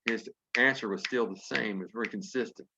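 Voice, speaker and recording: A man telling a folksy story to an audience, lively and chuckling as he acts out what people said. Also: lowish voice, a little fast, gravelly, a little hiss or hum. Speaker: business testimonial speaker. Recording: dull lo-fi conference call audio.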